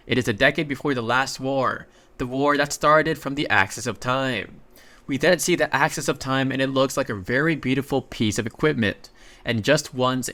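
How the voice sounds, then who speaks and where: A man narrating a comic story recap in a casual, chatty way, breaking in with excited asides. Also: medium pitch.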